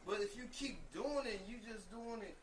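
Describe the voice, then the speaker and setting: A man's voice: sits high, moderate pace, a little hiss or hum, low-quality recording. A man on a casual discussion panel, earnestly explaining his point at length with little asides.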